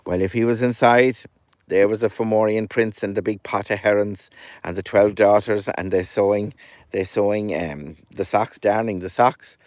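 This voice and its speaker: A man with an Irish accent telling a folk tale as a storyteller, lively and animated, dropping his voice at times. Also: lowish voice, normal speed, no room sound.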